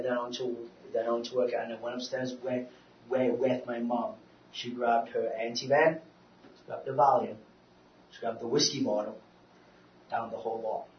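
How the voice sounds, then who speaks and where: A man delivers a sermon, halting and repeating himself, rising to loud urging and dropping to near quiet. His voice sits at an ordinary pitch and comes from some distance. The hall is roomy, with a dull, muffled recording quality. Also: slight background noise. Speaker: speaker on depression, preacher. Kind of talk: sermon with personal testimony.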